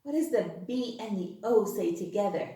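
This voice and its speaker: A woman kindergarten teacher giving an online phonics lesson to young children, in a sing-song voice full of gasps and excited exclamations. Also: mid-range voice, normal speed. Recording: echoey room.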